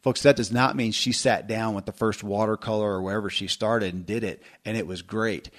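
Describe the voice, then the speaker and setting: The host of a casual podcast, a middle-aged man, wanders through his talk with self-deprecating humor and many restarts. His voice sits on the low side with a steady tone, a bit bright, and he goes a little fast.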